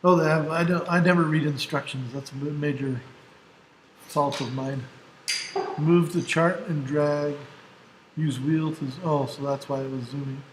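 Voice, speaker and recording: A man's voice: fairly high pitch, fairly even intonation, moderate pace. A male teacher giving a casual classroom lecture, explaining step by step and often checking in with "right?". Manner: casual, self-deprecating asides. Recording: echoey room, faint background noise.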